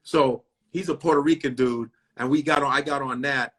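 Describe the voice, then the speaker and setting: Blunt, bright-voiced comedian. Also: male voice, medium pitch, moderate pace, husky. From Chicago. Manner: blunt, profane, animated storytelling that acts out other people's lines. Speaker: comedian guest. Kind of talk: casual interview chat.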